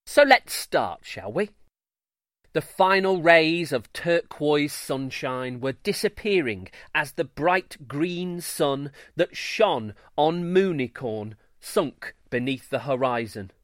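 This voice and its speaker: A man hosting a children's story show, giving scripted narration in a playful, expressive way. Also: fairly high pitch, slow, dry recording, studio quality. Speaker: storyteller host.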